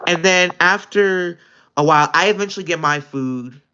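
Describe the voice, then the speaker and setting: A young man livestreaming, telling a story in casual chat, animated and exasperated, with his pitch jumping up often. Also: clean tone. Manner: animated, exasperated retelling with quick pitch jumps. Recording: dull lo-fi stream audio.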